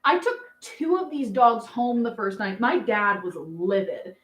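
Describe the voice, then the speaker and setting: Woman, 30s, livestream host; chatty, filler-heavy, affectionate, slightly high voice in a roomy space. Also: animated, a little slow. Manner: chatty and rambling, many fillers and laughs; doting on her dog. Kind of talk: casual livestream chat.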